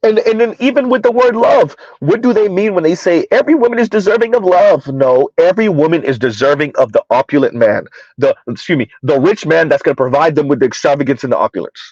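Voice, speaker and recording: A man's voice: on the high side, expressive, quick pace, few pauses, a little mellow, no echo. A man giving rambling, opinionated commentary, throwing rhetorical questions at his listeners. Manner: rambling, rhetorical, keeps asking "huh?". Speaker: commentary vlogger. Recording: dull lo-fi dry sound.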